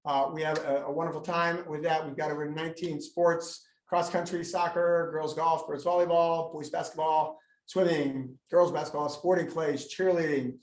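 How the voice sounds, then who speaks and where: A man with a somewhat high voice speaks at a normal speed, barely pausing, as he presents to parents. This school administrator tells funny stories and acts out students in a school meeting room, and the live recording echoes.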